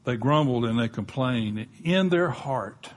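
A man's voice: medium pitch, expressive, measured pace. An older man with a Southern US accent preaching a sermon, folksy and conversational, with touches of humor. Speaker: pastor.

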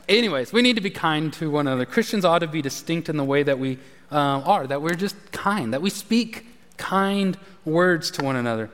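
A middle-aged man gives a sermon in a fairly high voice. He talks to the congregation like he's chatting with them and slips in jokes. His voice carries a long reverberation from a large church sanctuary. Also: a bit bright. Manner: conversational, joking with the congregation. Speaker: pastor.

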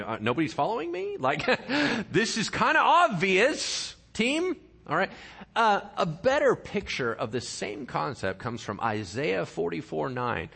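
A pastor delivers a sermon in a fairly high, lively voice that swings widely in pitch. He jokes with the congregation between passages. He reads scripture with dramatic emphasis. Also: measured pace, gravelly, slightly rough. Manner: animated, playful asides to the congregation.

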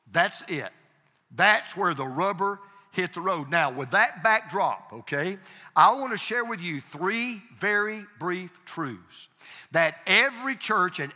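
A man's voice: high voice, bright, forceful tone. A man preaching a sermon as pastor, emphatic, repeating key phrases and calling on the congregation to answer. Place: church sanctuary. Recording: reverberant hall.

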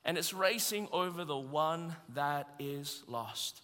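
A man preaching a sermon with humour, building up to shouted emphasis. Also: fairly high pitch, slow pace, hardly any pauses. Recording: long reverb of a large hall.

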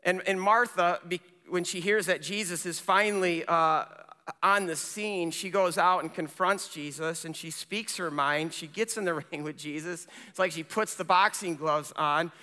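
Male pastor preaching, bright and forceful, alternating loud and hushed delivery, long church reverb. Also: sits high, moderate pace. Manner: impassioned, swinging between loud emphasis and hushed speech. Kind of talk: sermon.

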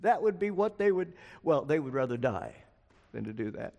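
Older male preacher, high-pitched, storytelling sermon, long hall reverb. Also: sing-song, normal speed, gravelly, darkish tone. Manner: storytelling, acts out quoted dialogue.

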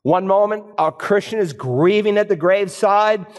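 High-voiced preacher in an echoing church. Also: male voice, moderate pace. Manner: emphatic, rhetorical questions and repetition. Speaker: pastor. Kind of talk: sermon. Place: church sanctuary. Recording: reverberant church hall.

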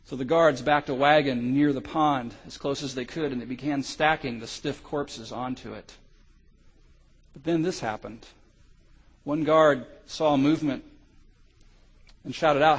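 A middle-aged male pastor telling a story in a sermon, swinging from loud cries to hushed lows. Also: normal speed, breathy edge, poor audio.

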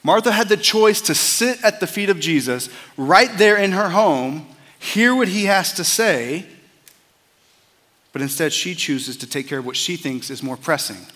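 A man's voice: a little high, bright, forceful tone, in a large hall. A man preaching a sermon as a pastor, earnest and conversational, often repeating words as he starts a phrase.

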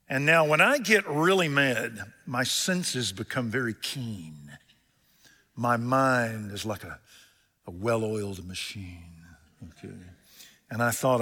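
A man's voice: medium pitch, pushed and bright. A man preaching a sermon, telling homespun stories with jokes in a folksy way. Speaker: pastor. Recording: long hall reverb.

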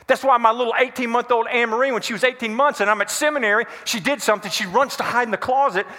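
A man's voice: very high voice, fast, pushed and bright. A man preaching a sermon to a congregation, quizzing them with call-and-response questions. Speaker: pastor. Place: church hall before a congregation. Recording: echoey hall reverb.

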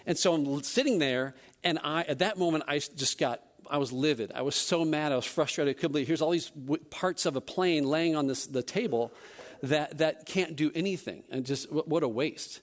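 A man, a church elder, telling a personal story during a service in a self-deprecating, animated way. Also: on the high side, moderate pace.

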